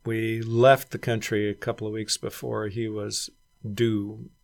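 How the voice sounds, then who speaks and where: A man's voice: lowish voice, little pitch movement, unhurried, vocal fry. A middle-aged man, a former missionary and regional director, reflectively recounting his years abroad in an oral history interview. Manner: reflective storyteller who acts out quoted voices.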